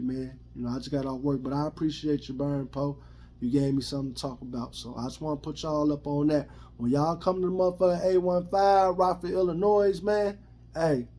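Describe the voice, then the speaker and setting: A man's voice: on the high side, mellow. Blunt, profane Chicago man ranting. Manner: blunt, profane, repetitive street slang. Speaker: vlogger giving his opinion. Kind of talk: casual rant to camera.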